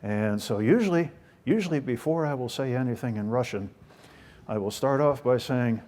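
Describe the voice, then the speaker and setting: With a mid-range, expressive, slightly mellow voice at a moderate pace, an older man from the US gives a storytelling talk. He's a guest speaker whose humor is folksy and self-deprecating.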